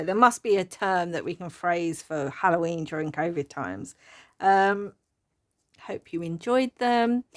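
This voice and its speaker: A middle-aged woman chatting her way through a craft-journal flip-through. Her talk rambles easily from one thing to the next, with an even, middle pitch. She breaks into giggles often. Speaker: craft channel host.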